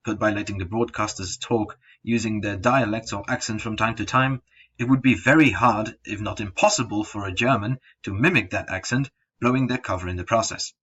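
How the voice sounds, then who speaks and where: A young man reads a slideshow presentation aloud in a low, husky voice. He keeps a steady scripted pace and trips over a word now and then. The recording is dull and lo-fi, as if made at home. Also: brisk. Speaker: student presenter.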